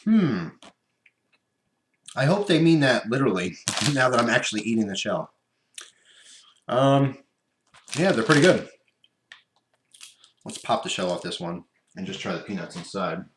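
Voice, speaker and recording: A man's voice: on the low side, very animated, measured pace, pauses often. Rambling man tasting snacks, echoey room. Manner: rambling, chatty, talks while chewing. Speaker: vlogger. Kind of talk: casual unboxing and taste-test vlog. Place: room at home by his computer. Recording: echoey room with background noise.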